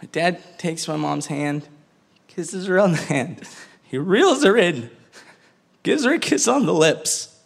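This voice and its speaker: A man's voice: fairly high pitch, lively intonation, slow pace, creaky, pauses often. A man telling a family story on stage in a wry, chatty way, often breaking into laughter. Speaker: storyteller and host. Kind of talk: comic live storytelling.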